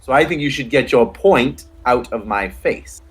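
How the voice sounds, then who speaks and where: A man's voice: mid-range voice, animated, moderate pace, husky. A man playing a character in a tabletop game, speaking in a cocky, matter-of-fact way. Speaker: player. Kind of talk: in-character tabletop role-play.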